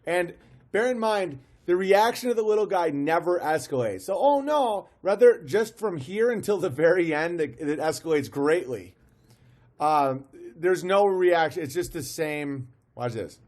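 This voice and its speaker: A man's voice: a little high, animated, measured pace, a little mellow. A man streaming live, commenting on a video with amused disbelief, often restarting his sentences. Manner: amused, incredulous, restarts and laughs.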